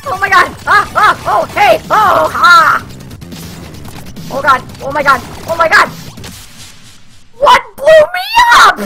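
Young woman gamer host: very high, bright voice, excitable, cursing, prone to shrieks. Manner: excitable, swearing, frequent shrieks and yelps. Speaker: gaming channel host. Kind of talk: let's play commentary.

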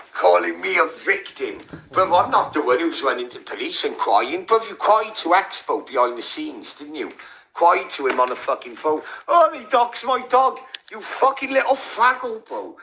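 A British man rants into his livestream mic in a high, bright voice. He sneers and swears constantly, and stays combative from start to finish. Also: vocal fry, slight background noise, rough recording. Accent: British English. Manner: aggressive, sneering, heavy swearing. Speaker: livestream host. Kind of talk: ranting livestream callout.

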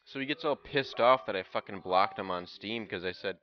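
A young man rants profanely while playing a racing game on stream. His voice sits on the low side, and the recording is dull and lo-fi. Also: moderate pace, few pauses. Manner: profane, ranting. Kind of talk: casual gameplay commentary.

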